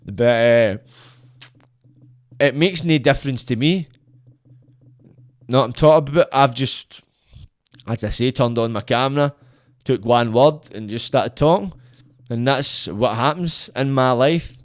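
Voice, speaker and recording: A man's voice: mid-range voice, moderate pace. A man from Scotland, a podcast guest giving a blunt, sweary, preachy monologue on self-belief. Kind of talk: rambling motivational monologue.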